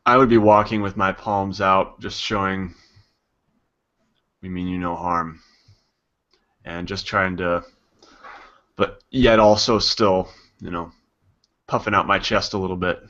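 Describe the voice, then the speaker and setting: Low-voiced tentative man. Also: fairly even intonation, unhurried, a bit bright. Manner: tentative, thinking aloud. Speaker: player. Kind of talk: casual game chat. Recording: dull lo-fi audio.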